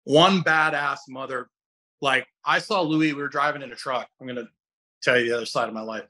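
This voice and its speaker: A middle-aged man guest-hosting a podcast, telling stories with lively, bright energy. He rambles, restarts his sentences and keeps slipping into other people's voices. His tone stays forceful and clear. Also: medium pitch, fairly quick. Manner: animated storyteller who acts out other people's voices. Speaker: fitness coach and guest host. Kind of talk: casual podcast chat.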